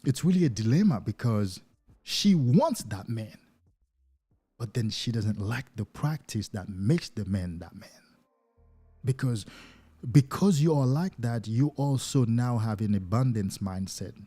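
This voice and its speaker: A man who is not a native English speaker, a life coach talking to viewers on a livestream in an animated way, acting out little scenes. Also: mid-range voice, unhurried, slightly rough.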